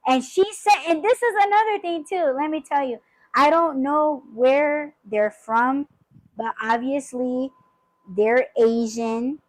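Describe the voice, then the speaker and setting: Profane chatty woman, higher voice. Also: slow pace, no room sound, low-quality recording. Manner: profane, rambling, lots of fillers. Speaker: podcast host. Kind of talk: casual storytelling chat.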